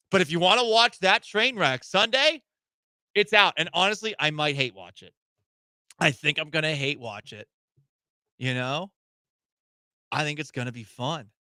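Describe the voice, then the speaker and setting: Bright, sarcastic male radio host. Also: on the high side, normal speed, pauses often, clean tone, no echo. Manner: sarcastic, mocking, chatty. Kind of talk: casual entertainment chat on sports radio. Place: radio studio. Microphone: studio microphone.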